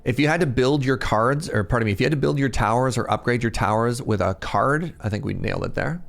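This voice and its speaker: A man in his thirties giving casual, animated live-stream commentary as he plays, laughing often and chatting with his viewers. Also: medium pitch, fast, gravelly, soft background music. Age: 30s. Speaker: game streamer.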